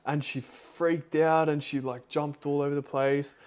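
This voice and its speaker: A man's voice: on the high side, little pitch movement, measured pace, darkish tone, clean tone. Rambling man telling a story. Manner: rambling, loose storytelling full of "like". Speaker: podcast host. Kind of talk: casual podcast chat, retelling a story.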